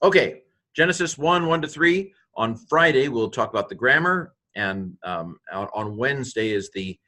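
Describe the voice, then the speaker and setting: A man teaching a recorded lesson, slowly spelling out letters one by one and thinking aloud as he goes. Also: mid-range voice, animated, sharp tone.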